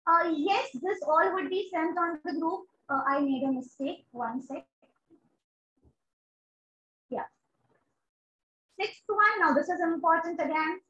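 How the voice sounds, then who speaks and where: Indian English teacher, woman, very high voice, roomy dull lo-fi sound, keeps saying very good. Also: a little slow, pauses often, pushed and bright. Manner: encouraging, repeats "very good" and "amazing". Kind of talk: online exam-prep class.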